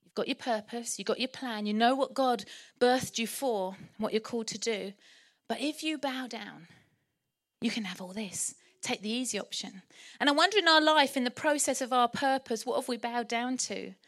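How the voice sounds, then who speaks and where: A woman preaching a sermon in church, lively and humorous. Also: fairly high pitch, moderate pace. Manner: lively, humorous and animated, often laughing.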